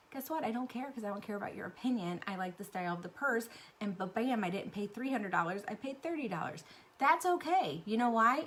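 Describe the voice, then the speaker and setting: A middle-aged woman talks casually to her camera about makeup, lively and chatty. She drifts through ums and asides, then jumps up in pitch when something gets to her. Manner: chatty and animated, with many fillers. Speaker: beauty vlogger and sales rep.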